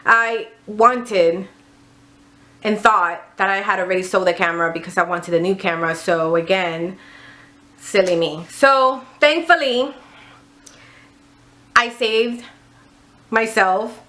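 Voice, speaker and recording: Bright-voiced woman telling an exasperated storytime. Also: mid-range voice, takes it slowly, pauses often. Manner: animated retelling with quoted dialogue; exasperated and candid, with swearing. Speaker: vlogger. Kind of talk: casual storytime vlog.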